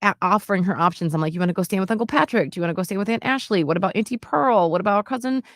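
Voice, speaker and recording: A woman's voice: medium pitch, racing, no echo, studio quality. A woman in her late thirties, co-hosting a podcast and telling a personal story in an earnest, heartfelt way, with many "like"s and restarts. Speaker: podcast co-host. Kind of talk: casual storytelling chat.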